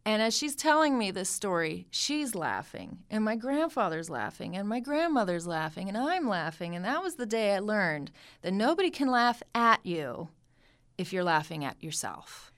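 A woman in her thirties telling a personal family story with lively, animated delivery. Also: medium pitch, normal speed. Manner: lively, animated retelling with acted-out quotes. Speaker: storyteller guest.

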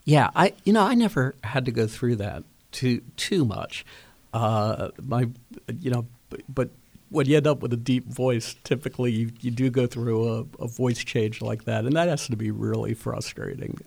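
A man hosting a radio interview, rambling and halting, with many restarts and fillers. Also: medium pitch, gravelly, a little mellow, no room sound. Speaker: radio host.

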